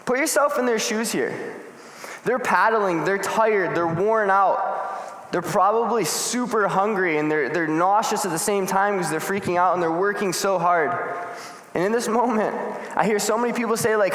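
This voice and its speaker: A man's voice: sits high, moderate pace. A young man in his twenties preaching a casual youth sermon, acting out the scenes as he tells them. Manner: animated storytelling, acts out scenes. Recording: echoey hall.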